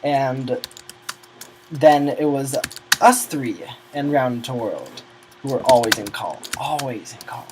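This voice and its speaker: A man's voice: medium pitch, slow, noisy background. A teenage boy telling a long, rambling story about gaming friends, often losing his train of thought. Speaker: gamer recounting a server's history.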